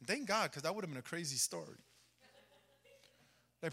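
A man's voice: sits high, animated, a little fast, long pauses, pushed and bright, in a large hall. A man giving a conversational sermon testimony in a church, calling out to the congregation for amens. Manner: conversational preaching, asks for amens. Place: church sanctuary.

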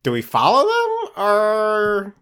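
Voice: medium pitch, huge pitch swings, slow pace, a bit bright, clean tone. A player in a tabletop game, hesitant and restarting sentences.

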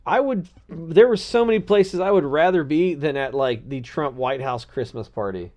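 A man's voice: fairly high pitch, normal speed, darkish tone. A man co-hosting a casual political chat podcast, rambling with hesitations and going into comic rants.

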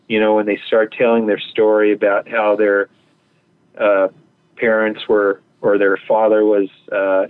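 Male guest, casual rambling storyteller, heard over a tinny phone connection. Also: lowish voice. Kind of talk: anecdotal storytelling.

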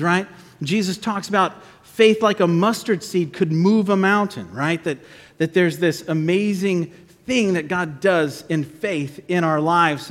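A male pastor preaching in a church, telling an animated story and leading prayer. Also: high-pitched, big-room sound. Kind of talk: sermon with children's story. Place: church sanctuary.

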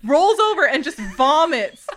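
A young woman telling a story in casual chat, animated and laughing often. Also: high voice, unhurried.

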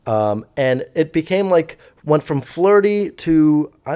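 A man's voice: a little high, animated, slow, a little mellow, clear, resonant tone. A young man telling a story casually, rambling and swearing with lots of fillers. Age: young adult. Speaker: vlogger.

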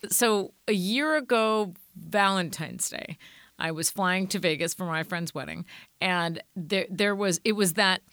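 A woman co-hosts a casual podcast chat with a bright, sharp tone. She tells stories in a chatty, easygoing way and laughs easily. The sound is dry and close. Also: lowish voice, measured pace, no room sound. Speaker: podcast co-host.

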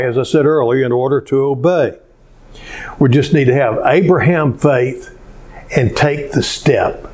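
A male pastor preaching a sermon, telling stories in an unhurried way with many pauses. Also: on the high side, a little mellow.

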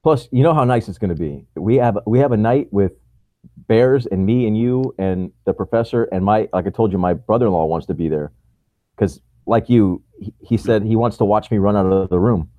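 A man's voice: fairly low pitch, fairly quick, dark tone, no room sound. A man co-hosting a podcast in casual chat, talking with opinion and laughing often. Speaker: podcast co-host.

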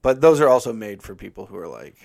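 A man's voice: fairly low pitch, very animated, fast talker, gravelly. A young man co-hosting a podcast, telling loose, profane stories in casual chat. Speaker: podcast co-host.

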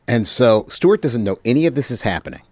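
A man telling stories as an interview guest, reflective and halting, with many pauses and fillers. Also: medium pitch, animated, darkish tone, no room sound. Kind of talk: reminiscing anecdotes.

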